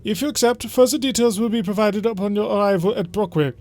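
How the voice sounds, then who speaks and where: A man's voice: sits high, fast talker, a little mellow, voice pushed up. A man putting on a haughty German-accented count. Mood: scheming, gloating. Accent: German (put on). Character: scheming aristocratic male count, smug and vengeful.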